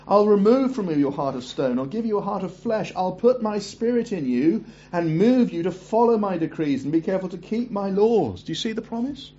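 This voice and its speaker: A man with a slightly high voice gives a sermon on a muffled, lo-fi recording. He reads scripture passages aloud and drops into chatty asides and quick corrections between them. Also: mellow, husky. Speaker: preacher.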